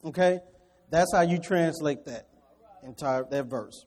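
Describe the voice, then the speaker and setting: Man, preacher, sermon, high-pitched, mellow tone, animated, direct to the congregation. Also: slightly rough. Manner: animated, swings from quiet scripture reading to loud, quick preaching; chuckles between points and talks straight to the congregation.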